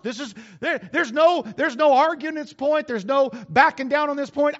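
Folksy preacher, high voice. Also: male voice, brisk, few pauses, fairly bright tone, muffled recording. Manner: folksy, conversational preaching with acted asides. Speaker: pastor. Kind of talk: sermon.

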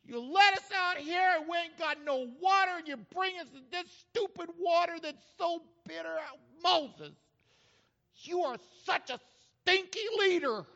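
A preacher putting on a shrill whining crowd. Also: male voice, measured pace, gravelly, exaggerated voice. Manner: shrill, complaining, near shouting. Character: whiny grumbling crowd of thirsty wanderers. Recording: reverberant hall, slightly dull sound.

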